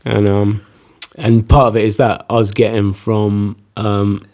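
A man's voice: on the low side, flat delivery, takes it slowly, a little mellow. A man, chatting casually and telling rambling stories with frequent laughs. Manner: rambling storyteller, laughs often. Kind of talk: casual conversation.

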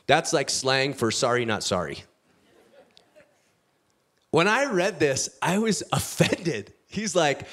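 A man preaching a sermon, reading scripture aloud, with big swings between loud, lifted passages and quiet, low asides. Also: sing-song, measured pace. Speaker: pastor.

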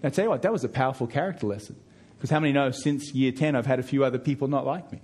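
A middle-aged man preaching a sermon as pastor, emphatic, with frequent repeated words as he pushes key points louder and higher. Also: rapid-fire.

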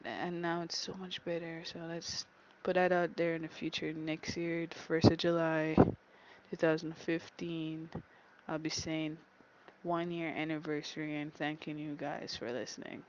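A woman's voice: low-pitched, little pitch movement, unhurried, lo-fi sound, slight background noise. A woman hosting her own podcast, chatting casually and teasing her listeners with playful jabs. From Jamaica. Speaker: podcast host. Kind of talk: casual solo podcast monologue.

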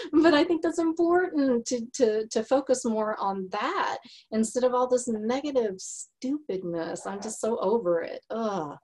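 A woman's voice: on the high side, lively intonation, unhurried. A woman with a Texas accent hosting a podcast, talking earnestly in a casual chat. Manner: earnest and warm-hearted, frequent laughs and restarts. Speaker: podcast host.

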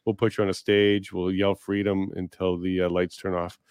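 A man's voice: sits low, little pitch movement, normal speed, a little mellow, clear, resonant tone, no echo. A man hosting a podcast interview, enthusiastic and effusive, often laughing. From Canada. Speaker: podcast host. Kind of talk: casual interview chat.

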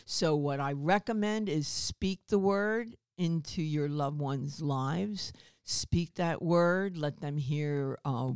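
Slow, gravelly-voiced guest giving gentle advice. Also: male voice, fairly high pitch, no room sound, studio quality. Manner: measured and affirming, advising gently. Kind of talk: faith-based interview conversation.

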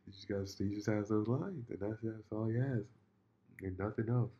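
A man with a very low voice tells a long story in casual chat, rambling and restarting his sentences as he goes. The sound is dull and lo-fi. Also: moderate pace, mellow.

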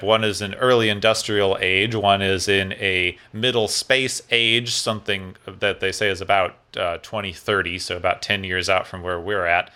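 A man's voice: lowish voice, pushed and bright, clear, resonant tone. A man co-hosting a casual recap chat, summarizing plot in a wry, sarcastic way. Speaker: podcast co-host.

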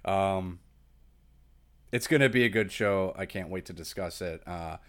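A man's voice: low-pitched, unhurried, fairly bright tone. A man co-hosting a podcast, easygoing and joking in rambling casual chat. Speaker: podcast co-host.

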